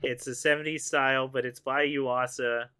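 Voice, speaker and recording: Bright-voiced teasing man on a podcast. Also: medium pitch, little pitch movement, normal speed, clear, resonant tone. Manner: teasing, playful, pleads loudly in jest. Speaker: podcast co-host. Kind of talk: casual chat.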